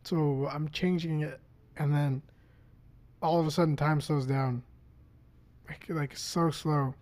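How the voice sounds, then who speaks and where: A man, a guest on a podcast, tells a story in casual chat. He talks in an animated way and swears often. He acts out what each person said. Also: a little high, takes it slowly.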